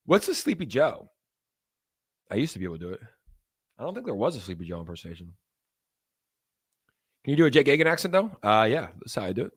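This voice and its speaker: A young man rattles through a casual livestream in an excited, joking way, with profanity thrown in. His voice sits at an everyday middle pitch. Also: fast, long pauses, slightly rough. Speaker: crypto streamer.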